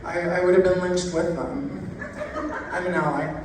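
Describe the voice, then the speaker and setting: A woman stand-up comedian telling jokes in an unhurried, deadpan way, stretching out her punchlines. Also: on the low side, heavy background noise. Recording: echoey room heard from a distance.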